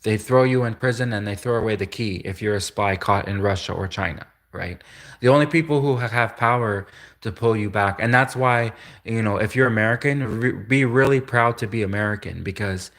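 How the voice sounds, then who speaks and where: Man, livestream host, lower voice; loose rambling monologue with frequent chuckles and restarts. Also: a little fast, fairly bright tone. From Canada. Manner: chuckles often, stumbles and restarts.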